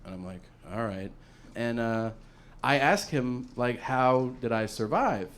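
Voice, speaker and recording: A man's voice: mid-range voice, a little slow, a little hiss or hum. A man doing stand-up comedy, telling a long story with plenty of swearing and acting out what other people said. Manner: profane, acts out other people's lines.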